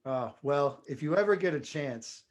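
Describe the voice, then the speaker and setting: Wry podcast co-host. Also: male voice, on the high side, lively intonation, moderate pace, a loud crowd. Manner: wry, dry humor. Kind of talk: casual chat.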